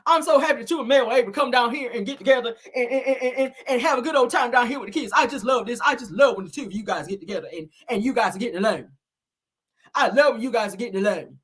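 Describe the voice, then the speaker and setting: A lady putting on a high loud country auntie, gushing and bossy, husky edge. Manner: drawn-out gushing, scolding.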